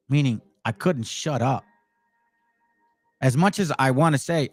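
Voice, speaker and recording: A man's voice: mid-range voice, lively intonation, unhurried, pauses often. A man hosting a Bible channel, talking bluntly and with fire. He mixes casual commentary with scripture read aloud. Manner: blunt and direct; fiery, emphatic.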